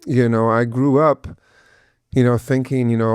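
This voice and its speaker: An earnest middle-aged man talks about his son, emotion close to the surface, stumbling over his words and repeating himself. His voice sits in an ordinary middle pitch. The recording is dry and close, with little room sound. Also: steady tone, normal speed, a little mellow, smooth, no echo. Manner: earnest, intense, many restarts and fillers. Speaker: guest, father of an autistic son. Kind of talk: emotional personal interview.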